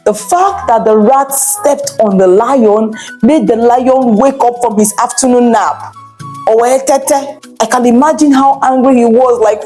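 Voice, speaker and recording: A woman's voice: fairly high pitch, measured pace, dark tone, faint music behind. A woman teaching children, telling a bilingual story with chatty, encouraging asides.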